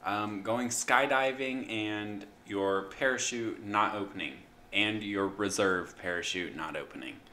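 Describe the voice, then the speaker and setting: A man's voice: on the low side, bright, forceful tone, slight background noise. A young man co-hosting a casual podcast, talking hesitantly with fillers. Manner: slow, hesitant delivery with fillers. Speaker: podcast co-host. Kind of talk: casual chat.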